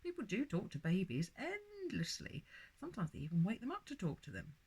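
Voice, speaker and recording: A woman's voice: medium pitch, huge pitch swings, fairly quick, a little mellow, breathy edge, exaggerated voice. A woman voicing a clever talking baby boy with a dry, testy manner in a storybook reading. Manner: dry, patient, grumpy.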